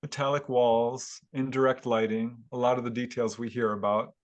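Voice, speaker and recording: A man, a guest author, telling a story at length in a casual interview, animated and laughing now and then. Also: medium pitch, normal speed. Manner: animated retelling with chuckles. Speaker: guest author and UFO investigator.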